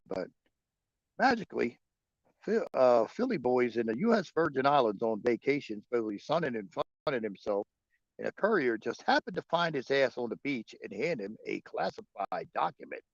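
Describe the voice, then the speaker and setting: Gravelly man rambling on a livestream. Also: medium pitch, very animated, moderate pace, dry recording, muffled recording. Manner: profane, rambling, chuckling often. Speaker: livestream host. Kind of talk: casual livestream chat answering viewers.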